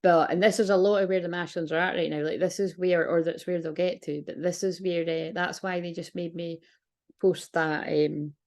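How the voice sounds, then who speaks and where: Woman rambling about spiritual stuff, swears a lot, lowish voice. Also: fairly even intonation, normal speed, a little mellow. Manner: rambling, frank, swears freely. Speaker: spiritual reader. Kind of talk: casual spiritual monologue.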